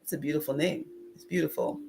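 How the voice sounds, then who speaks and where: A woman's voice: low-pitched, fairly even intonation, fast, vocal fry, mellow. A woman spiritual teacher giving a livestream talk, reflective, laughing often and greeting viewers as she reads their comments. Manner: reflective, laughs often, acts out inner voices.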